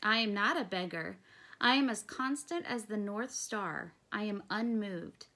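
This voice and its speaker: A woman's voice: mid-range voice, expressive, a little slow, sharp tone. A woman reading the part of a proud, stubborn male Roman ruler in a firm, commanding way.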